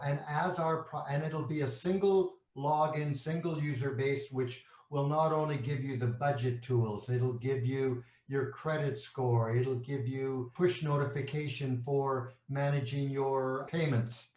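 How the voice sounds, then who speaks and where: A man's voice: mid-range voice, steady tone, unhurried, hardly any pauses, a little mellow, roomy sound. A man from Canada, a company executive, explaining his products in an interview, asking rhetorical questions and using everyday analogies, with frequent restarts.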